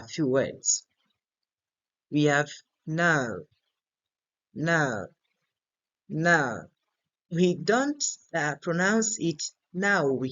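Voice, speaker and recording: Slow, deliberate male English teacher. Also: fairly high pitch. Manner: slow and deliberate, repeats words many times to model stress. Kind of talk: grammar and pronunciation lesson. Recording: slightly dull lo-fi recording.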